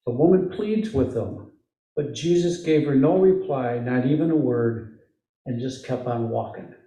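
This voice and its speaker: Recorded from a distance in an echoey sanctuary, this Midwestern American lay preacher speaks in a medium, dark-toned voice at an unhurried pace. His sermon is chatty, peppered with questions to the congregation and joking asides.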